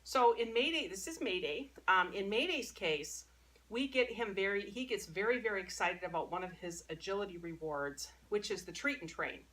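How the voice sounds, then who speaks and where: Bright-voiced woman dog trainer, mic far off. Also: mid-range voice, animated, normal speed. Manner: chatty, explaining as she works with her dog. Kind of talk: casual training demonstration. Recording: distant mic, faint background noise.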